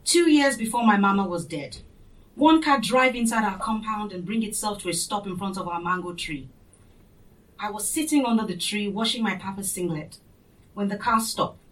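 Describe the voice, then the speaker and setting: A woman reading a first-person story aloud in a plain, unhurried way. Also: medium pitch, distant mic, poor audio. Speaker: audiobook narrator.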